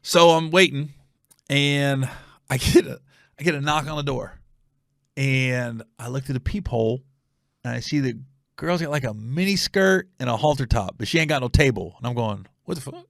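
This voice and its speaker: A comedian in his forties hosts his show, his medium-pitched voice carrying some vocal fry at a moderate pace. The studio recording has no room sound. He tells a story in a casual, animated, profane way, acting out every voice.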